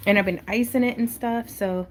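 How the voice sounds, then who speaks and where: A woman's voice: fairly high pitch, steady tone, fairly quick, darkish tone. A woman hosting a casual crafting livestream from her home craft space, chatting in a bubbly, giggly way and reading viewer comments aloud.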